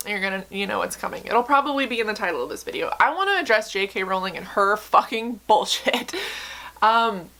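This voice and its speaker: A woman's voice: medium pitch, bright, forceful tone. A young woman in a candid, emotional chat to camera, talking earnestly with many fillers and some swearing. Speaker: book vlogger.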